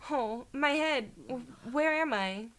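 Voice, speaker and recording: Woman streamer reading a timid teen schoolgirl, game dialogue, high bright tone. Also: slow. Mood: scared. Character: anxious teenage schoolgirl, gentle and frightened.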